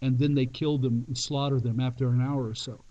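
A male pastor telling a dramatic story in a sermon, emphatic and with long pauses. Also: medium pitch, steady tone, mellow, muffled recording.

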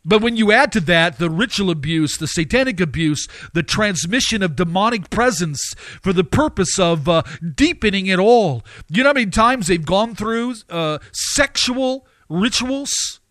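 A man with a high voice, preaching with emphatic force and piling up repeated phrases. He swings into sharp rising outbursts. The sound is dry and close, with no room around it. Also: expressive, normal speed, few pauses, dry recording. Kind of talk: sermon.

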